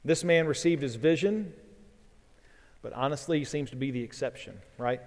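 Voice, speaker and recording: A man's voice: mid-range voice, moderate pace. Earnest preaching man, long hall reverb. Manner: earnest preaching, swelling when reading scripture aloud. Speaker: pastor. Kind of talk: sermon.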